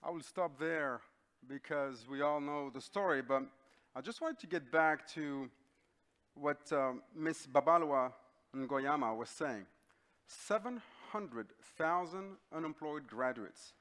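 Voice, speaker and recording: A middle-aged man from North Africa gives a talk as a keynote speaker. He tells his story in an animated, conversational way, full of fillers and sudden rises. His voice sits a little high for a man. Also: takes it slowly.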